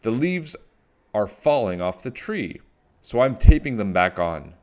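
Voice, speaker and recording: A man's voice: on the low side, sing-song, a little slow, dark tone, voice pushed up. A man voicing a silly, scatterbrained cousin witch who talks dopey and earnest.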